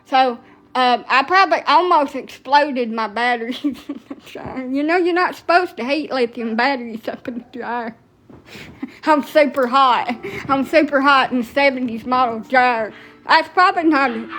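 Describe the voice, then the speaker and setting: A woman's voice: high voice, unhurried, a bit bright, soft background music. A middle-aged woman from Alabama with a Southern accent, chatting casually in a blunt, salty, profane way and laughing at herself. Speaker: vlogger. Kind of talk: casual rambling chat.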